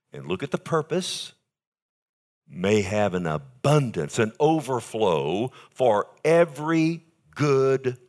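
An older male pastor preaching a sermon, moving between soft, intimate asides and raised, emphatic lines. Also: medium pitch.

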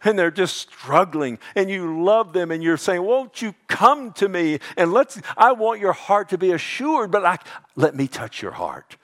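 Male pastor in a church, sermon delivery, shifts between quiet intimacy and forceful emphasis. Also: high voice, sing-song, a little slow. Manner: dynamic preaching, swings from hushed to loud emphatic.

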